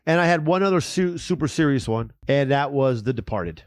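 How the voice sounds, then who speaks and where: A man's voice: medium pitch, animated, fairly quick, no room sound, clean studio sound. A man co-hosting a comedy podcast, joking and swearing as he rambles about movies. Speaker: podcast co-host. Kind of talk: casual comedy podcast banter.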